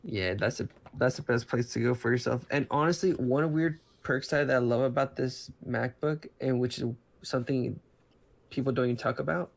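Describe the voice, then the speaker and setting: Gravelly man rambling in casual chat. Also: mid-range voice, normal speed. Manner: rambling, many restarts and fillers. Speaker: podcast co-host.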